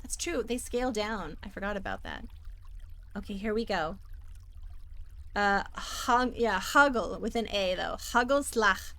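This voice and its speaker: A woman's voice: medium pitch, animated, measured pace, a bit bright, slight background noise. A woman from the Netherlands chatting casually as she streams a game, bubbly and talkative while reading chat aloud. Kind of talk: casual gameplay commentary.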